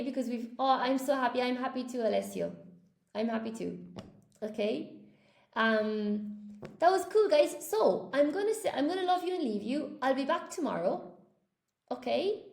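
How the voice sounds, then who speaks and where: A woman's voice: a little high, vocal fry, a little mellow, roomy sound. A woman teaching English on a live stream, chatting with viewers and cheering them on in an upbeat way. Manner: upbeat, encouraging, reads chat aloud.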